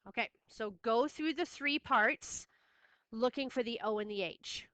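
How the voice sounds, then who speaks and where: A woman's voice: on the high side, measured pace, a bit bright, clean tone, no room sound. A woman teaching a math lesson, firm and repeating key steps for her students. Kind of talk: classroom lesson recording.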